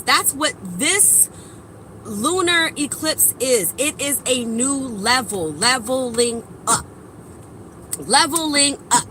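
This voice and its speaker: A high-voiced woman preaching to her viewers in a blunt, profane vlog, her tone bright and cutting. She swings from loud emphatic bursts to low frustrated mutters. Faint traffic noise sits behind her. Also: rough recording. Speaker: spiritual vlogger. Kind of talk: blunt motivational monologue to viewers.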